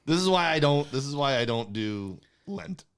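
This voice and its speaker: A man's voice: mid-range voice, big pitch swings, moderate pace, clear, resonant tone. A man co-hosting a comedy podcast, teasing his co-host in casual, playful banter.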